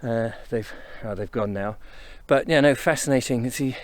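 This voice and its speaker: A man's voice: medium pitch, normal speed, no echo. A man from England talking casually to camera as he walks country footpaths outdoors, slightly out of breath, chatty and rambling as he thinks aloud. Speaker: vlogger on a country walk. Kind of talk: casual walking commentary to camera. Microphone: camera on a tripod, set up and carried along.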